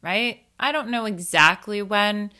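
Candid, slow-talking woman in her thirties. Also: medium pitch, bright, forceful tone. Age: 30s. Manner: candid, swears, laughs at herself. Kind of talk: casual storytelling monologue.

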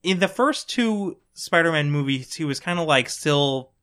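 A man's voice: a little high, animated, moderate pace, fairly bright tone, smooth. A man co-hosting a movie podcast in casual chat, easygoing and agreeable. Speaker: podcast co-host.

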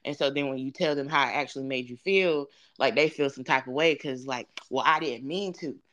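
A woman's voice: a bass voice, fairly quick, a bit bright. A young woman speaking as a podcast guest, telling her story in an earnest, reflective way with many fillers. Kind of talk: candid conversational storytelling.

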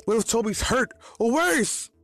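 A man's voice: a little high, animated, unhurried, faint music behind, voice pushed up. A man voicing an anxious, blunt young masked man in a read-aloud fan story. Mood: worried.

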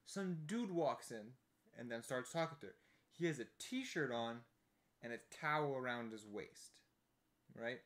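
A man's voice: mid-range voice, animated, measured pace, fairly bright tone. A man telling a story in casual chat, laid-back and chatty, often checking in with "right?".

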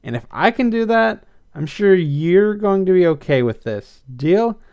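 A man's voice: sits high, big pitch swings, normal speed, smooth, narrow, tinny audio, pitched above the performer's own voice. A man voicing an upbeat, encouraging teenage girl in a read-aloud story. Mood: reassuring. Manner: reassuring, bright, upbeat.

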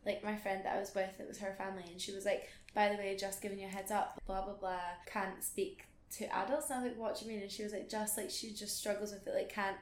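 A young woman, co-hosting a podcast, teasing her friends and telling a quick story. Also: mid-range voice, level tone, roomy sound, a little hiss or hum. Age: young adult. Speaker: podcast co-host. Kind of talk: casual chat.

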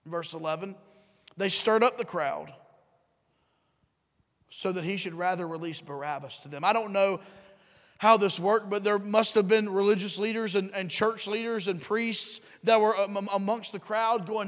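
Animated preacher in a reverberant hall. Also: male voice, high-pitched, moderate pace. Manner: animated, acts out crowd and Pilate, rising and dropping to near whisper. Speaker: pastor. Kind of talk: sermon.

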